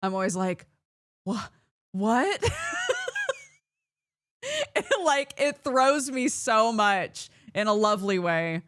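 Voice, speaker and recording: A woman streamer in casual chat with viewers, animated and laughing often as she reads chat aloud. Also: mid-range voice, takes it slowly, long pauses, clean tone, dry recording, studio quality.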